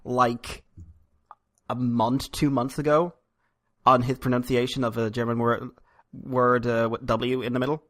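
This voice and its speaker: A man hosts a podcast interview and keeps it casual. He teases his guest playfully, and his voice sits in an ordinary middle pitch. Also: level tone, unhurried, pauses often, fairly bright tone, no echo, studio quality. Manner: teasing, playful. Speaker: podcast host.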